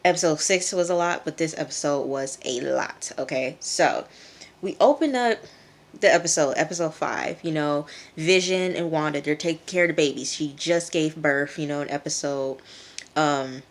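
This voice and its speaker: A woman's voice: low-pitched, moderate pace. A woman reviewing a TV episode in a casual vlog, chatty and loose, acting out characters' lines in a raised voice.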